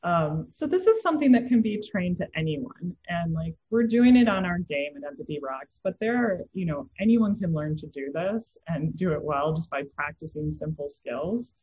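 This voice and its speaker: Empathy trainer in her thirties: very low, husky woman's voice, chatty with fillers; dull recording. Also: expressive, normal speed, few pauses, darkish tone. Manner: anecdotal, with filler words. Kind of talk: casual podcast chat.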